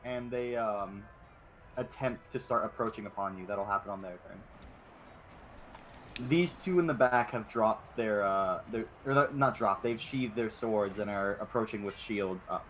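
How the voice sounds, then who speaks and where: A man's voice: lowish voice, a bit bright, faint music behind, rough recording. Man narrating as game master. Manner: halting, with fillers and self-corrections.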